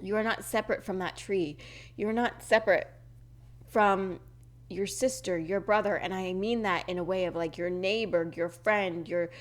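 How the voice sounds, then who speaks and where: A woman's voice: mid-range voice, fairly even intonation, normal speed. A woman hosting a spiritual podcast, talking unscripted, with a throat tickle. She searches for words, restarts often and repeats earnest affirmations. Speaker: podcast host.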